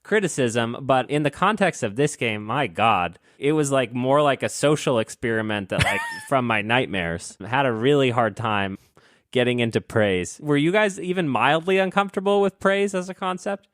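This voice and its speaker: A man talks casually on a podcast, circling around his point with plenty of filler words and jokes at his own expense. His voice sits at an ordinary middle pitch. The sound is dry and close. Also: animated, moderate pace, fairly bright tone, no echo. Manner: rambling, self-deprecating, many "like" fillers. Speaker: podcast co-host. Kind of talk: casual chat.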